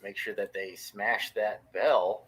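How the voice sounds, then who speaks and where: Bright voiced guy, upbeat, keeps the chat rolling and plugs the channel. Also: fairly low pitch, fairly even intonation, slow pace, slightly rough. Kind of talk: casual chat.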